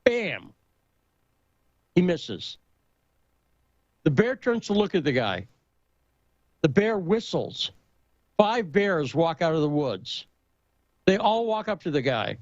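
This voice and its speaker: A man in casual talk-show conversation, telling a story and joke with lively emphasis. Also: on the high side, takes it slowly, long pauses, no room sound, muffled recording.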